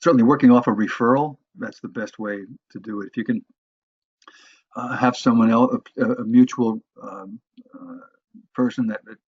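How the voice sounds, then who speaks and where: Man, sales trainer, husky voice, halting lecture delivery, muffled dry lo-fi recording. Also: medium pitch, steady tone, a little mellow, no room sound. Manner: halting, many restarts and fillers.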